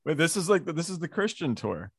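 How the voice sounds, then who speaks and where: A man's voice: a little high, very animated, fast talker, breathy edge. A man hosting a casual chat, cracking teasing jokes between stories. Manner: joking, teasing asides.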